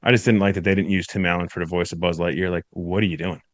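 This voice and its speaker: Deep-ish, blunt ranting male co-host. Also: steady tone, quick pace, no echo. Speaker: podcast co-host. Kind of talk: casual crude banter.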